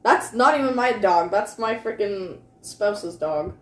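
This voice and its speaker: A woman's voice: medium pitch, animated, unhurried. A woman co-hosting a casual chat show, talking in a chatty way and laughing often. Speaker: co-host. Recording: echoey room with faint hum.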